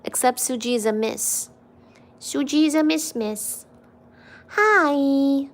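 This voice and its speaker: Cooing, high-voiced woman talking to cats. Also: slow pace. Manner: cooing, affectionate, laughing often. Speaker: cat owner and channel host. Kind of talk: casual chat and baby talk to pets. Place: home kitchen.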